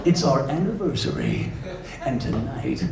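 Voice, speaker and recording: A man impersonating a deep-voiced movie trailer announcer, speaking slowly and dramatically in a roomy live venue with an audience. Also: huge pitch swings, vocal fry, distant mic, full character voice. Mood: solemn. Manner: slow, dramatic, booming delivery. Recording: echoey live room with crowd.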